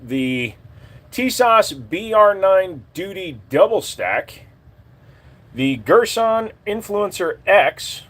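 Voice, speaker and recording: A man's voice: high voice, very animated, takes it slowly, a bit bright. A man hosting a casual live stream, joking crudely and swearing as he shows off his collection and talks to chat.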